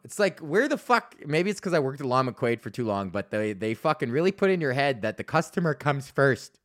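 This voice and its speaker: A man's voice: medium pitch, sing-song, fairly quick, few pauses, fairly bright tone. A man, hosting a podcast in a rambling, profane casual rant full of mockery. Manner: swears constantly, rambling and mocking. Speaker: podcast host.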